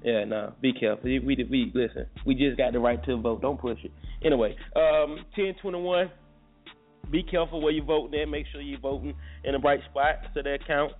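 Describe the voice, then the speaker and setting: A man's voice: mid-range voice, steady tone, brisk. A man hosting a casual morning talk show, joking loosely and repeating himself. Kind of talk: casual radio chat. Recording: phone-line sound, faint music.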